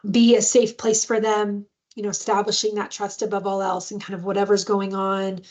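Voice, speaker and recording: A woman's voice: medium pitch, completely flat delivery, normal speed, darkish tone. A woman giving a parenting webinar in a conversational way, with many fillers and sudden playful sing-song bits. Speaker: webinar presenter on adoptive parenting. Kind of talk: instructional webinar talk.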